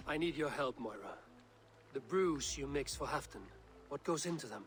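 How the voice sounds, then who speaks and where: An actor voicing a fierce male viking warrior in a video game, steady and commanding. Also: mid-range voice, normal speed, faint music behind, lightly acted.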